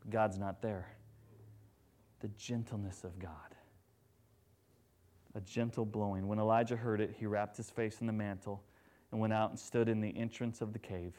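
A man preaching a sermon, moving between loud, animated retellings and hushed, gentle passages. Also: fairly low pitch, moderate pace, long pauses.

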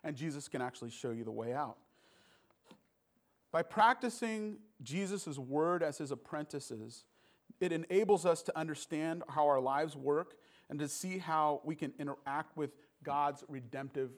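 Preacher guy, slightly higher voice, earnest and stumbly, repeats himself a lot. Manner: earnest, halting, repeats words. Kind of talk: sermon.

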